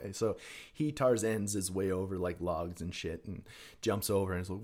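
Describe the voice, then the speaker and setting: Male podcast guest with a lowish voice, casual and salty, dropping quiet then bursting loud. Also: normal speed. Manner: animated, profane, swings between hushed and loud. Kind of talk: casual personal storytelling.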